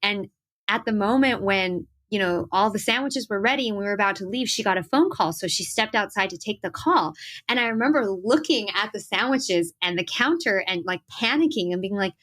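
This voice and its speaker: A young adult woman, a singer-songwriter, telling animated stories in a casual interview, acting out quotes and laughing often. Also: medium pitch, brisk.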